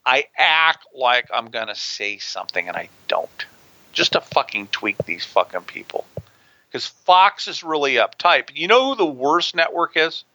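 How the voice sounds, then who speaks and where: A man's voice: mid-range voice, lively intonation, normal speed, pushed and bright, no echo, low-quality recording. A man in an interview telling stories in a brash way and swearing freely. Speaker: guest, prison consultant. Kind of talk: profane storytelling in an interview. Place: near a big city on the US West Coast.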